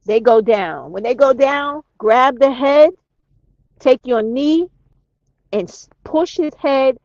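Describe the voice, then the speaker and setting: A woman's voice: high voice, expressive, takes it slowly, darkish tone, no room sound. A woman hosting a live chat from her car, talking bluntly with lots of cursing. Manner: blunt, profane, emphatic. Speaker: livestream host. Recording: dry, dull sound.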